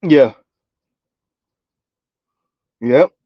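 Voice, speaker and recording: A man's voice: mid-range voice, expressive, very slow, no room sound, highs cut off. A man giving casual, rambling live-stream commentary, often checking in with "right?" and "like". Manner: rambling, conversational, frequent "right?" and "like". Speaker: commentary streamer reading chat.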